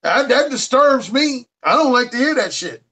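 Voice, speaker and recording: Earnest, high-voiced man guest. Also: animated, pushed and bright. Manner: earnest and emphatic, stresses words slowly. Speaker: dating coach guest. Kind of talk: casual chat.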